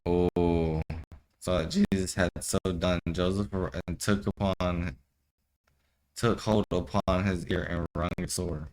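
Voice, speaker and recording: In a rough recording, a young man whose voice sits low and has a darkish tone haltingly reads archaic scripture. His intonation stays fairly even as he trips over the old language and then drifts into loose, profane slang commentary.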